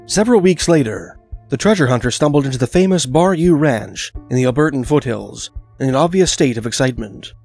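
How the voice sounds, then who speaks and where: A man reading a scripted documentary narration in a measured, even storytelling manner. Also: medium pitch, gravelly, faint music behind.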